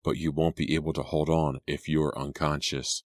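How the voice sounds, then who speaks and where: A man's voice: very deep voice, level tone, moderate pace, no echo, studio quality. A man voicing a cruel teenage girl villain who sneers and snarls. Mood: taunting. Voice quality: nasty, sneering.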